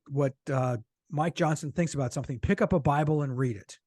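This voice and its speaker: Animated, quick-laughing man on a podcast. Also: on the high side, no echo, clean studio sound. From United States. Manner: animated and laughing easily, with blunt asides. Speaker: podcast co-host, political cartoonist. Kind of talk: casual political chat.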